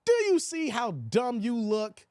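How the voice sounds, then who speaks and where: A man hosts a casual livestream, taunting and trash-talking the people in his chat with plenty of slang. His voice sits high and swings widely in pitch as he gets worked up. The sound is dry, with no room echo. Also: a little slow, clear, resonant tone. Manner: animated, laughs often. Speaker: livestream host reading chat.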